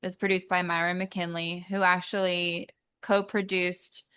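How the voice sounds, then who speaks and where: A woman singer as an interview guest, talking thoughtfully with many pauses and fillers. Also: lowish voice, little pitch movement, bright, forceful tone, smooth. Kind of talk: casual interview chat.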